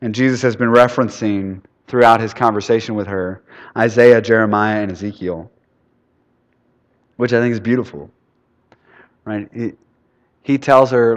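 A man preaching a casual sermon to students, often asking them questions and swinging from loud to soft. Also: fairly low pitch, normal speed, pauses often, lo-fi sound. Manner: conversational, asks the room questions, swings between loud and soft. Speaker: youth pastor. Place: church building. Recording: long hall reverb.

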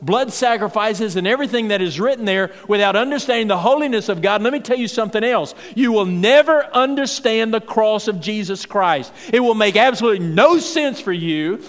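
A man preaching a sermon as pastor, swinging from emphatic, rising declarations to quiet, low asides. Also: lively intonation, fairly quick, few pauses, in a large hall.

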